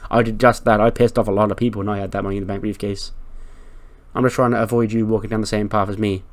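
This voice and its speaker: A man's voice: lowish voice, flat delivery, quick pace, lightly acted. A man playing a smug, cocky male wrestling star who boasts and lectures, in a casual let's-play commentary. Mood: lecturing.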